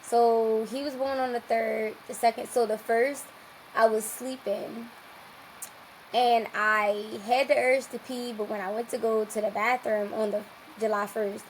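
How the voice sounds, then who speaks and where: A young woman, a podcast guest, telling a long personal story in a lively, casual way and acting out what people said. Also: a little high, a little slow, a little hiss or hum, rough recording. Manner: lively, acts out quoted dialogue.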